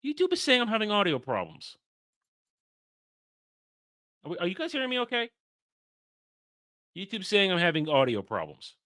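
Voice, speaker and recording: A man's voice: high-pitched, wildly swooping pitch, normal speed, pauses often, pushed and bright. A man hosting a livestream, ranting in a heated way with frequent stumbling restarts. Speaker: host.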